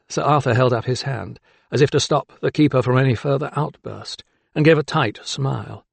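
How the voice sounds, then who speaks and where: A man reading an audiobook in scripted narration, even and measured. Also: mid-range voice, creaky, breathy edge, no room sound. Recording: dry close studio sound.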